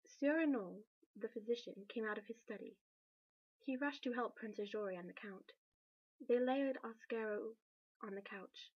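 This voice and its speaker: A woman reading a novel aloud in a steady, measured narration. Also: medium pitch, breathy edge, no echo, muffled recording. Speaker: reader.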